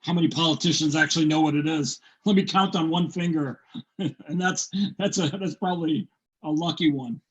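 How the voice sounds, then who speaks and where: A man's voice: on the high side, breathy edge. Joking male podcast host, muffled audio. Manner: joking, quick questions. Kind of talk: casual chat.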